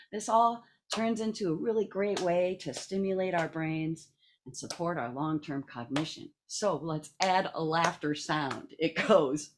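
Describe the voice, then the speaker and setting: A woman's voice: medium pitch, slight background noise. A woman leading a seated laughter and breathing exercise over a video call, coaxing and playful, laughing often. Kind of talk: guided group exercise.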